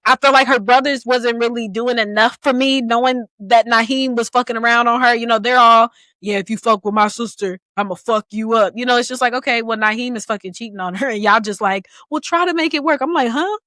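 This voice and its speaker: A woman in her thirties co-hosts a casual book podcast, talking in an animated, playful way with frequent laughs. Her voice sits a little high and sounds bright and ringing. The close microphone gives a dry sound. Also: a little fast, dry recording. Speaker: podcast co-host.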